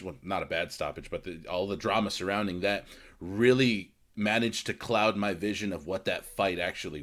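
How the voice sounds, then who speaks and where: A man's voice: low voice, fairly bright tone. A man co-hosting a podcast, rambling in casual chat with many restarts and fillers. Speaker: podcast co-host.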